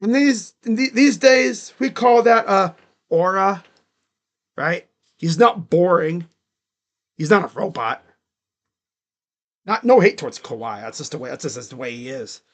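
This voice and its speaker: High-voiced man calling a game live. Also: expressive, unhurried, pauses often. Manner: casual, rambling, heavy use of "like". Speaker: live reaction streamer. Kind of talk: live play-by-play reaction commentary.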